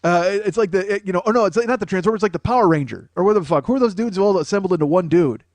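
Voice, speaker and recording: A man's voice: high voice, rapid-fire, darkish tone, no room sound. A man in his forties hosting a comedy podcast, ranting in a rambling, profane and sarcastic way. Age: 40s. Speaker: podcast host.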